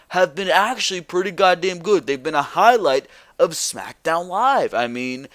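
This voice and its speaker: Smooth-voiced man, blunt excitable commentary. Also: on the high side, no room sound. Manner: blunt and excitable, casual swearing, says "bro". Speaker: wrestling show host. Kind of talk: casual predictions commentary.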